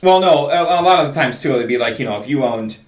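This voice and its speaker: Fast-talking forties male co-host, loose chat, roomy off-mic sound with music. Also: mid-range voice, lively intonation. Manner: fast-talking, rattles off promos. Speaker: podcast co-host. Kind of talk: casual chat.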